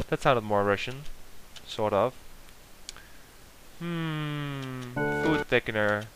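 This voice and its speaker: A man's voice: mid-range voice, extremely slow, long pauses. A man giving casual let's play commentary, reading game clues aloud and muttering at his mistakes, with game music behind. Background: guitar game music.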